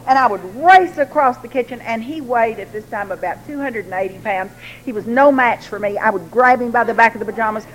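A woman telling a personal story to a recovery group, lively and laughing, acting out the voices she quotes. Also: on the high side, fairly quick, noisy background. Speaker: recovery meeting speaker.

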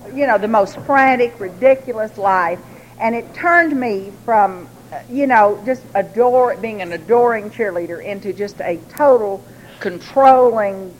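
A woman telling a personal story to a recovery group, lively and laughing, acting out the voices she quotes. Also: a little high, a little hiss or hum, poor audio. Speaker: recovery meeting speaker.

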